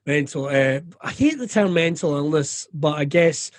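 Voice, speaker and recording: A man's voice: fairly high pitch, animated, normal speed, dry recording, clean studio sound. A Scottish man, a comedian and radio presenter, talking candidly and jokily in a casual interview, swearing freely.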